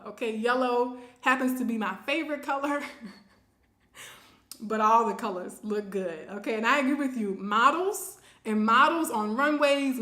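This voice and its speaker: A woman's voice: fairly high pitch, fairly bright tone, echoey room. A woman hosting a casual live stream, reading viewer comments aloud and laughing often. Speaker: livestream host.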